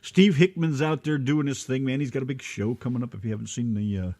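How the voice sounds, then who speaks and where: A man's voice: medium pitch, fast talker, dark tone. A man co-hosting a casual radio show, joking and rambling in a loose, chatty way. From United States.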